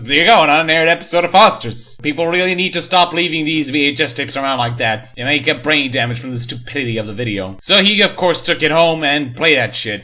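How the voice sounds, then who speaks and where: A man's voice: on the high side, pushed and bright. A man reading a horror story aloud for comedy, breaking in with sarcastic, mocking asides. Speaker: story reader and reviewer.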